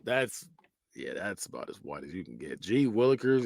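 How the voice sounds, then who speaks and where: On this podcast, a male host whose voice is on the low side, with vocal fry and a moderate pace, ranks phrases in a blunt, slangy tier list. He stays animated, laughing often as he repeats phrases in mock voices.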